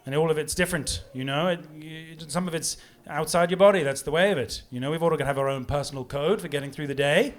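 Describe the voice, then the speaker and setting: A man doing a rambling stand-up comedy set, animated and giggling at his own jokes. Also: on the high side, quick pace, hardly any pauses. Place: pub comedy room with live audience. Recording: live audience laughter and applause.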